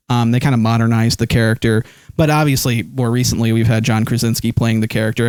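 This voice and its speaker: A man's voice: mid-range voice, a little mellow, no echo, clean studio sound. A man streaming live, rambling casually and reading chat comments aloud with lots of fillers while holding his phone. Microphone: desk microphone.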